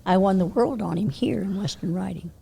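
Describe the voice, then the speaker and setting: An older woman telling horse-show stories in a casual interview, animated, laughing often and dropping to a hush when she quotes herself. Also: medium pitch, fairly quick, creaky, slightly rough. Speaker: interview guest, horse trainer.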